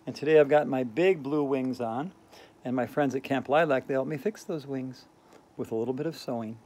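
A man's voice: medium pitch, a little fast, a little mellow, lightly acted. A man playing a giddy, quirky female yoga teacher who keeps breaking into giggles as she leads a comedic lesson. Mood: chirpy. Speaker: yoga instructor.

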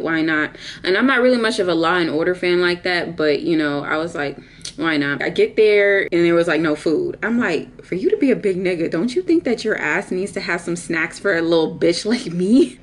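A woman in her twenties telling a candid, profane story in casual vlog chat, laughing often and jumping into squeaky high quotes. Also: slight background noise. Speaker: storytime vlogger.

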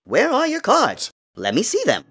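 Guy putting on a soft high flirty flight attendant voice, hushed n teasing, audiobook style. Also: huge pitch swings, moderate pace, breathy edge, full character voice.

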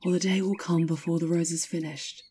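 A woman voicing a rose tree that urges a little bird on, in a breathy, hushed voice. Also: lowish voice, little pitch movement, a little fast, slight background noise, lightly acted. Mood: urgent whisper. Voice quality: breathy whisper. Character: a rose tree, urgent and pleading.

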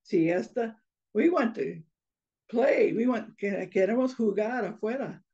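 A woman's voice: on the high side, lively intonation, measured pace, dark tone, highs cut off. A woman voicing playful young mouse children who eagerly plead to go play.

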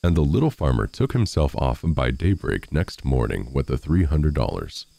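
Deep gravelly male narrator for fairy tales, very lively delivery, dark dry voice. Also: normal speed, no echo. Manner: expressive, animated storytelling. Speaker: storyteller. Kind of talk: fairy tale reading.

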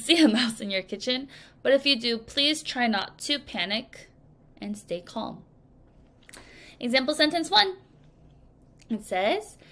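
A woman teaching English vocabulary to children in a recorded lesson, speaking slowly and clearly and acting out example sentences. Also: fairly high pitch, fairly bright tone. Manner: slow, clear teacherly delivery with acted examples.

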